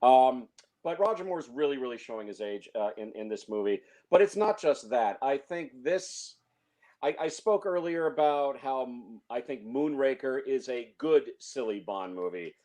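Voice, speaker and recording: A man's voice: mid-range voice, animated, normal speed, darkish tone. A man reviewing films in casual chat, opinionated, stumbling over restarts and fillers. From San Francisco Bay Area. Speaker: film reviewer.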